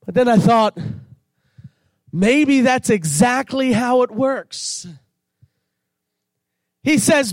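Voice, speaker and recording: A man preaching as a pastor, fervent and emphatic, building into shouted passages. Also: very high voice, animated, extremely slow, long pauses, no room sound. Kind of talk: sermon.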